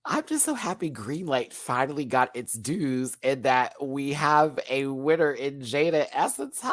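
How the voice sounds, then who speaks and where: A man hosting a live review of a reality show, talking in an animated, slangy way. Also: medium pitch, moderate pace, few pauses, no echo, studio quality. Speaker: show host.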